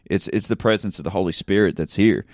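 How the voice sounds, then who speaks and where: A pastor talking in a casual chat, fervent and preacher-like, often asking "you know what I'm saying?". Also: male voice, sits low, fast talker, a little mellow, dry recording, studio quality. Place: in a church.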